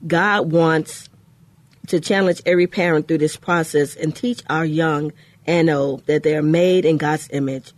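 A woman co-hosting a faith-based radio talk show, telling a personal story in an earnest way with pauses. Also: sits low, fairly even intonation, dry recording.

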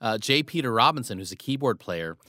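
A man hosting a show, chatting with a guest in an upbeat, halting way. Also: mid-range voice, lively intonation, bright, forceful tone, dry recording. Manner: upbeat, halting, laughs along. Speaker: radio show host. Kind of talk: casual interview chat.

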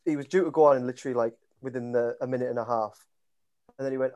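A man's voice: medium pitch, racing. A man with a Yorkshire accent co-hosting a podcast, telling a funny story from work and acting out the lines of the people in it. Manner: lively anecdote-telling, acting out quotes. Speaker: podcast co-host. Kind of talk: casual storytelling chat.

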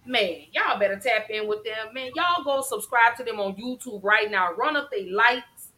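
A woman hosting a casual live-streamed mental health talk show, chatty and effusive, shouting out viewers. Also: a little high, moderate pace, low-quality recording.

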